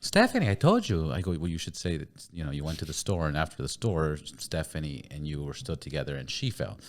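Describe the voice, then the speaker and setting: A man's voice: extremely low pitch, fast. A man from Cuba telling stories and jokes in casual podcast banter, swearing freely and acting out the people in his stories. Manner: animated storyteller, swears often, jokes. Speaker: podcast guest.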